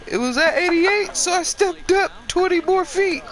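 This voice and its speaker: A man putting on a squeaky, hurt young guy. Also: moderate pace, a bit bright. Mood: whiny. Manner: high strained whimpering voice. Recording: game crowd noise behind.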